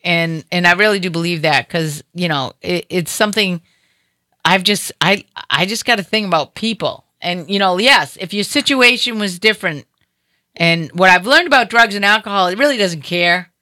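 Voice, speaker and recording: Bright-voiced woman telling a story. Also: on the low side, moderate pace, dry recording. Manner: animated storyteller, mimics voices. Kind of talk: casual storytelling chat.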